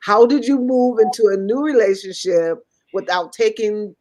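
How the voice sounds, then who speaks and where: A woman's voice: mid-range voice, normal speed, darkish tone, poor audio. A woman hosting a talk-show interview, affirming and encouraging her guests. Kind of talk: casual interview.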